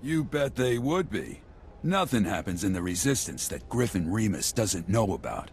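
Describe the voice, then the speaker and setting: A man's voice: lowish voice, big pitch swings, moderate pace, a little hiss or hum. An actor playing a nervous, streetwise male resistance defector in a video game, speaking in a hesitant, folksy way. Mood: eager. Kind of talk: game voice acting.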